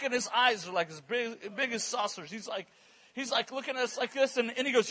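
At a church service, a man serving as guest preacher delivers a story-filled sermon in a lively, animated manner. His very high, bright voice carries some huskiness, and he repeats words in rapid bursts as his delivery picks up speed.

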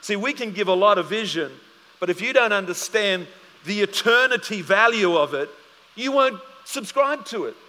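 A man's voice: sits high, lively intonation, moderate pace, sharp tone, long reverb tail. A man preaching a sermon as pastor, telling stories animatedly and acting out both sides of a conversation.

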